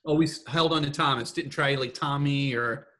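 A man's voice: on the high side, fairly even intonation, moderate pace, bright, forceful tone, a little hiss or hum. A man on a podcast panel, trading wisecracks in casual banter. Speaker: regular panelist.

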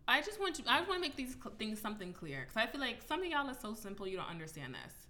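A woman's voice: fairly high pitch, big pitch swings, very fast, sharp tone. A woman in her twenties co-hosting a podcast, talking casually in an emphatic, indignant way and swearing freely. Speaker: podcast co-host. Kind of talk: casual chat.

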